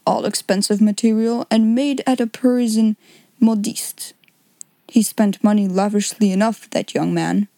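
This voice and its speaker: A woman's voice: medium pitch, fairly even intonation, a little slow, warm tone, dry recording, close to an everyday voice. A woman voicing a dry, nervous male solicitor in a storybook reading, speaking in a clipped, blunt, disapproving way. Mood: curt disapproval.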